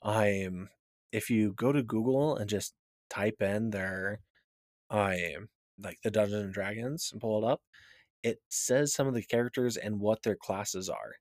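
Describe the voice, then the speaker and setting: A man co-hosting a fantasy podcast in casual chat, easygoing and halting, with lots of fillers. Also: fairly low pitch, darkish tone, no echo, clean studio sound. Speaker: podcast co-host.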